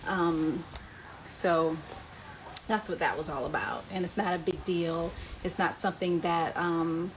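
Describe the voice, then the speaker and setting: A woman hosting a live online chat, answering fan questions and reading out comments in a relaxed, chatty way. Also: on the low side, unhurried, noisy background. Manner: chatty, reads out viewer comments, laughs often.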